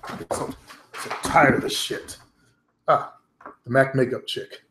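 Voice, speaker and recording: A man's voice: mid-range voice, fairly even intonation, measured pace, background noise. A middle-aged man vlogging at home, talking bluntly and profanely straight to his viewers in a loose, rambling monologue. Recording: roomy echo.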